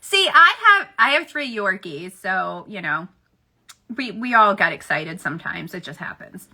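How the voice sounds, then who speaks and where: Bright, lively woman reading tarot. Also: mid-range voice, unhurried. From United States. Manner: chatty and animated, laughs often, talks to viewers. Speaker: tarot reader. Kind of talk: casual livestream tarot reading.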